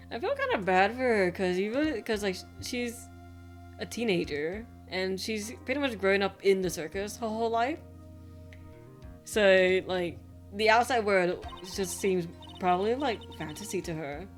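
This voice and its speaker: A woman's voice: mid-range voice, animated, unhurried, soft background music. A woman streamer chatting casually over a game, rambling and self-deprecating. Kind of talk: casual let's-play commentary.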